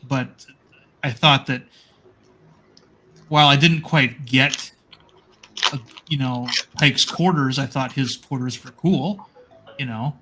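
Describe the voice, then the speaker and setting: A man's voice: mid-range voice, slow pace, long pauses, noisy background. Rambling man in casual chat. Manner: rambling, many restarts and fillers.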